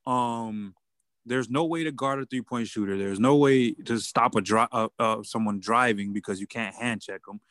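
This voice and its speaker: A man talking basketball as a guest on a sports talk radio show, casual and halting. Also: medium pitch, fairly bright tone, no echo, clean studio sound. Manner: casual, halting, with many restarts and fillers.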